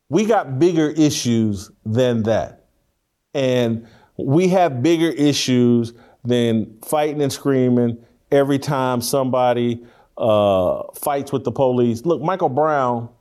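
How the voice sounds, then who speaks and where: A man's voice: mid-range voice, darkish tone. A man hosting a talk show in a studio, giving blunt, emphatic opinions and repeating himself as he argues. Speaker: show host. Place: studio room with three people.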